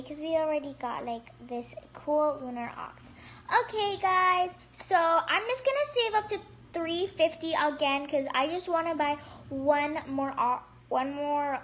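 A woman hosting a casual gameplay commentary, excitable and chatty, gasping and squealing at surprises and rambling with restarts. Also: sits high, unhurried, slight background noise. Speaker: gaming channel host.

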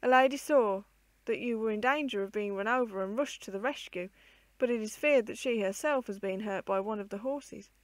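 A woman doing a kindly old gentleman. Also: on the high side, a little fast, few pauses, no echo, natural voice. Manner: kindly, calm.

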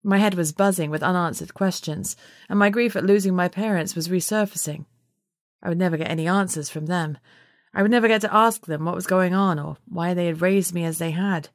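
A woman narrating an audiobook in first person with steady, measured storytelling. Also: fairly low pitch, no echo, clean studio sound.

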